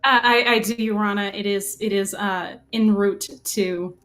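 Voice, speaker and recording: A woman's voice: medium pitch, steady tone, measured pace, fairly bright tone, faint music behind. A woman playing a defense lawyer in a tabletop role-play, speaking hesitantly with stammering restarts. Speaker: player.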